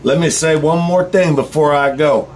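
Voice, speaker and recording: A man's voice: on the high side, normal speed, a little mellow. Swearing, heated man ranting. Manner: blunt, heated, swearing freely. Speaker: vlogger. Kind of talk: profane ranting monologue.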